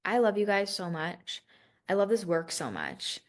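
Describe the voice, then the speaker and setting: A woman's voice: fairly low pitch, wildly swooping pitch, unhurried. Woman, business coach, solo podcast, candid, emotional, rambling, swears freely.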